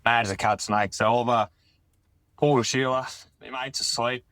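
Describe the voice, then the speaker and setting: A man's voice: mid-range voice, steady tone, normal speed, fairly bright tone. A rowdy Australian caller tells a crude anecdote, swearing freely and rattling the story off with a laddish grin. His voice sits in a medium register, recorded dry and close without any echo.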